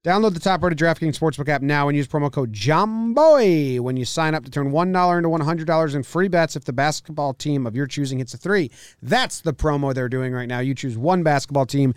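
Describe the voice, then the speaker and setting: A man's voice: on the high side, expressive, a little fast, clear, resonant tone, no echo. A man co-hosting a sports podcast, talking in a dry, sarcastic way and joking through his ad reads. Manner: dry, sarcastic, repeats jokes. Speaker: podcast co-host. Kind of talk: casual sports chat.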